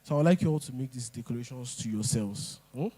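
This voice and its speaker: A man's voice: mid-range voice, animated, quick pace, mellow. A man giving a motivational talk at an event, emphatic and repeating his points. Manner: emphatic, repeats lines, pidgin asides. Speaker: speaker.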